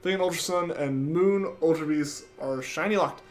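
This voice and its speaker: A man's voice: on the high side, moderate pace, soft background music. A young man streaming a game, reading his chat aloud and answering viewers in a casual way.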